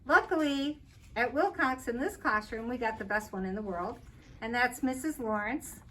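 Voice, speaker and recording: A woman's voice: fairly high pitch, normal speed, bright, forceful tone. An older woman, a kindergarten teacher, giving a friendly step-by-step talk to parents and counting aloud as she explains. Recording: distant mic with faint noise.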